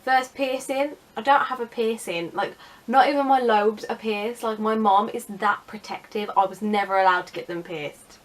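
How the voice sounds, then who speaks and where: A woman's voice: medium pitch, normal speed. A young woman chatting casually in a vlog, sarcastic and self-mocking. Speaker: vlogger.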